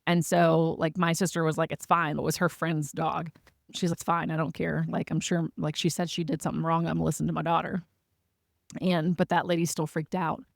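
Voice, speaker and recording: Chatty woman with a gravelly edge. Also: deep voice, little pitch movement, brisk, no room sound, clean studio sound. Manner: chatty, many "like" fillers. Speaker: animal shelter guest. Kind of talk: casual interview storytelling.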